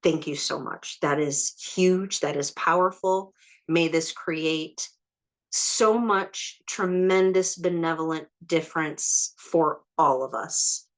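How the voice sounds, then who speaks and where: A woman leading a group healing session. She speaks in slow, prayerful invocations and counts through numbers aloud. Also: low-pitched. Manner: soft, prayerful, slow invocations with warm laughter. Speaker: spiritual healing session leader.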